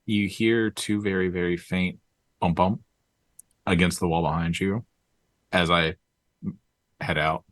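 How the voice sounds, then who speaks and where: A man at a tabletop game, playful and joking as he describes his character. His voice is very deep, and the sound is dry and close. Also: fairly even intonation, unhurried, long pauses, fairly bright tone, no echo. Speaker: player. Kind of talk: tabletop role-play.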